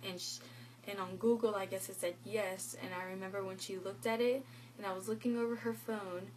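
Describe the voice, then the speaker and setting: A teenage vlogger girl narrates something that happened to her, animatedly quoting what people said and peppering it with "like." Her voice is mid-range. Poor audio carries a little hiss or hum.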